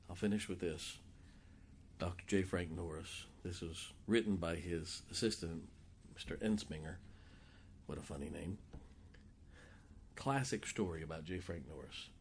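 A male pastor preaching a sermon, telling stories in an animated, jokey way and acting out the quotes. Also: low-pitched, normal speed, pauses often, slight background noise. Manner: animated, jokey storyteller who acts out quotes. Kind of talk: sermon storytelling.

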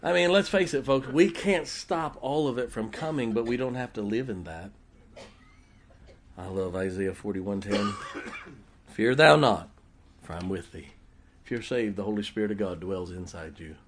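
A middle-aged man preaching a sermon in a folksy, humorous way, swinging from loud emphasis to quiet, intimate asides. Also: lowish voice, moderate pace, noisy background. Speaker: pastor.

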